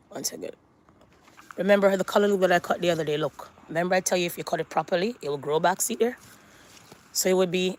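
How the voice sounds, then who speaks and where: A woman chatting casually to her viewers as she walks through her home and backyard garden, filming on a handheld phone and calling out to them again and again. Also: on the low side. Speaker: vlogger. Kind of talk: casual vlog chat.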